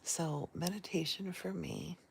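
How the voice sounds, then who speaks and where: A woman who has just woken up, whispering a live guided meditation from bed in a soft, gentle, unhurried voice while holding her phone, a little croaky. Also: lowish voice, big pitch swings, a little hiss or hum. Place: in bed, indoors. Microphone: handheld phone camera.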